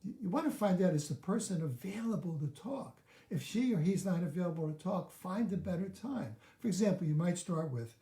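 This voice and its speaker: A man's voice: a little high, lively intonation, normal speed, mellow, echoey room. A man coaching on a live video, walking through steps one by one and acting out sample lines of dialogue. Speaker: relationship coach.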